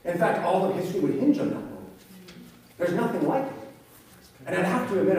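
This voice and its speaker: A man's voice: a little high, a little fast, warm tone. A man, a pastor, preaching a sermon in a conversational, storytelling way. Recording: very echoey hall, mic at a distance.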